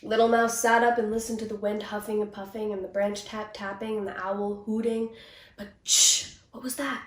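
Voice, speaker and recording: A woman reading a children's storybook aloud in a gentle, expressive way, recorded echoey and from off the mic. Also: mid-range voice, a little fast, far from the mic.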